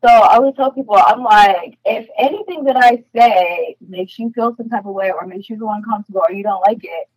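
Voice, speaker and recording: Chatty new york woman, mid pitch, blunt, says like a lot, dry close sound. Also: brisk, few pauses, breathy edge, no echo, rough recording. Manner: blunt, animated storyteller, frequent "like" fillers. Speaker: podcast guest. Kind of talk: casual chat.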